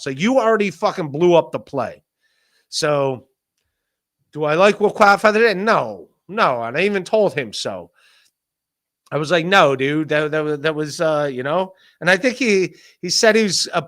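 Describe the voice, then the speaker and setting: A podcast host with a fairly high-pitched voice rambles through a casual solo rant. He swears, laughs often, and mock-shouts the people he quotes.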